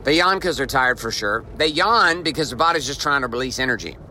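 A man's voice: medium pitch, expressive, a little fast, bright, forceful tone, a little hiss or hum, poor audio. A man hosting a motivational podcast, telling a story and repeating his main point with emphasis. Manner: emphatic, repeats key lines. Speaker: podcast host. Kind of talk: motivational monologue.

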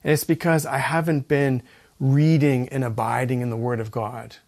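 A man preaching a sermon as a pastor, earnest, reading scripture aloud with rising emphasis and slow, deliberate pauses. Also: mid-range voice, level tone, a little mellow.

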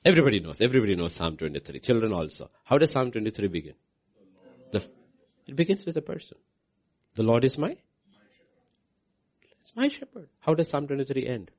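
A male pastor delivers a sermon in a husky voice. His pitch leaps wildly from low murmurs to high, ringing cries. He repeats lines for emphasis and drops some to a near whisper. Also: sing-song, brisk, pauses often. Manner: preaching with big swings between soft and shouted lines.

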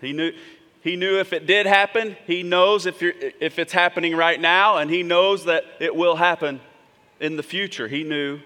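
Guy pastor giving a sermon, chatty, keeps asking "right?", bright voice. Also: fairly high pitch, steady tone, normal speed. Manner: conversational preaching with frequent "right?" asides. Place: church sanctuary. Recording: long hall reverb.

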